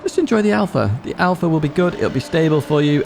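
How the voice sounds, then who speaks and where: A man talks through a racing game lap by lap, upbeat and instructive with playful asides. His pitch rises and falls a lot, with a slightly raised tone. A faint hiss sits under the voice. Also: sing-song, a little fast, hardly any pauses, fairly bright tone. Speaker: gaming channel host. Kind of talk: race guide commentary over gameplay.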